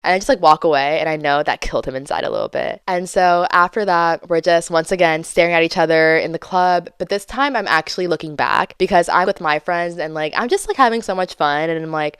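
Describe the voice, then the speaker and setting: A young woman hosting a podcast, telling a dating story in a casual, animated way and acting out her own and others' lines with playful voices. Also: fairly low pitch, a little fast, few pauses, clean tone, dry recording, clean studio sound. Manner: animated, dramatic, acts out quotes with exaggerated voices. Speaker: podcast host.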